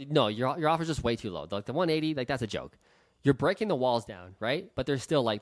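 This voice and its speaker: A man's voice: mid-range voice, expressive, fairly quick, no echo. A man coaching sales calls in blunt, profane casual talk, acting out both sides of phone calls in shifting tones. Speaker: real estate investor teaching sales calls.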